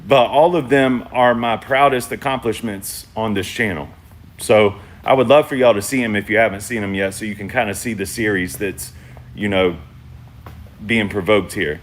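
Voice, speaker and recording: A man hosting a casual livestream check-in from home on his phone, talking in a laid-back, slangy way and shouting out viewers in the chat. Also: lowish voice, normal speed. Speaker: channel host.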